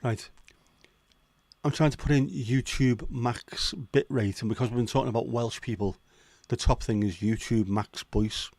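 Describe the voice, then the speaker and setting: A man's voice: medium pitch, fairly even intonation, normal speed, darkish tone, dry recording. A man from Liverpool hosting a casual chat livestream, joking and swearing as he chats to viewers. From Liverpool, England. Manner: sweary, joking, chatty asides. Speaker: livestream host.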